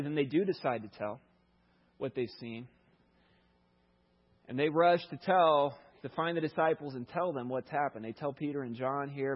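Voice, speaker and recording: Husky guy preaching, chatty bible retelling, muffled lo-fi sound. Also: fairly high pitch. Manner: conversational Bible retelling with asides. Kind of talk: sermon.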